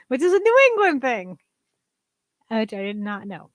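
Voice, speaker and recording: A woman co-hosting a casual livestream, rambling and chatty with lots of "like" and quick laughs. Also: fairly high pitch, big pitch swings, no room sound. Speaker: co-host.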